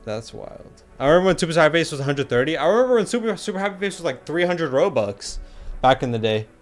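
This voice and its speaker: A man's voice: on the high side, sing-song, fast, faint music behind. Laid-back young man chatting on stream. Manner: laid-back, joking, slangy, reads chat aloud. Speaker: livestreamer. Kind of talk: casual livestream chat.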